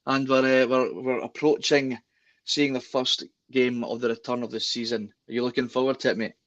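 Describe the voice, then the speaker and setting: A man's voice: mid-range voice, flat delivery, normal speed, a bit bright, dull audio. A Scottish man hosting a casual football podcast, chatty and upbeat, often restarting his words. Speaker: podcast host.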